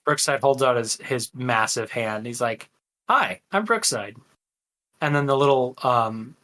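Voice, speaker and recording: Bright-voiced casual game master. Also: male voice, mid-range voice. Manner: casual, rambling, filler-heavy. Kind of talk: narrating a tabletop game.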